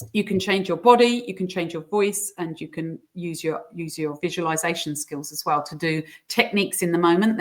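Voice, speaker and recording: In a casual interview, a guest coach explains her coaching techniques, now and then putting on squeaky voices to illustrate her examples.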